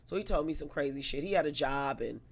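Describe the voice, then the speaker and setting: Woman guest, gravelly voice, animated profane storyteller. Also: deep voice, quick pace. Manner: animated, profane, acts out quotes. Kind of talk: casual storytelling.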